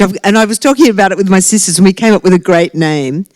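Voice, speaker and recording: A woman's voice: fairly low pitch, quick pace, few pauses, darkish tone, no echo. A woman in her sixties, an author talking to a live audience in a brash, joking way and laughing often. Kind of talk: lively talk to a live audience. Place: library talk event.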